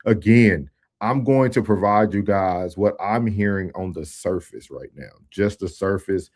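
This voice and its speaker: A man with a low voice hosts a reaction commentary. He talks to his viewers in a relaxed, direct way. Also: unhurried. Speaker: commentary channel host.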